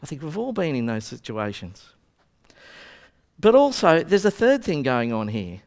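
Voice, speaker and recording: A man's voice: fairly high pitch, huge pitch swings, measured pace, a little mellow, big-room sound. A man preaching a sermon, telling a story and acting out both sides of an argument. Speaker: pastor.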